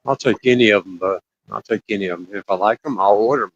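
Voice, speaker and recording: A man's voice: lowish voice, fast, slightly rough. A man joining a casual chat, cracking crude jokes and calling the others bro and buddy. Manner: joking, calls people bro and buddy. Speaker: guest. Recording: dry, dull lo-fi sound.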